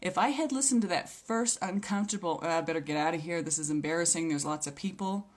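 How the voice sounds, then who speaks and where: A woman's voice: lowish voice, quick pace. A woman giving a personal faith testimony, earnest and reflective, with small hesitations as she tells what happened. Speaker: speaker sharing a healing testimony.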